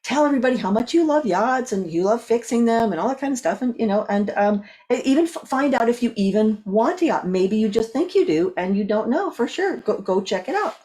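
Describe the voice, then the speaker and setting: A woman coach and speaker, guest on an interview show, telling a story with lively acted-out dialogue. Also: fairly high pitch, a little fast, few pauses. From California. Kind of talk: animated storytelling in conversation.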